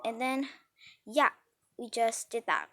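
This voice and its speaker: A woman's voice: on the high side, animated, slow, bright, forceful tone. A woman telling a rambling story in a casual storytime style, with frequent restarts and acted-out dialogue.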